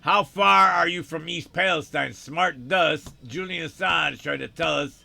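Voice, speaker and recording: Gravelly bright-toned man rambling casually. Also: on the high side, unhurried, a little hiss or hum. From United States. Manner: rambling, laughs often, sarcastic asides. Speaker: channel host reading viewer comments. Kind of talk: casual rambling livestream commentary.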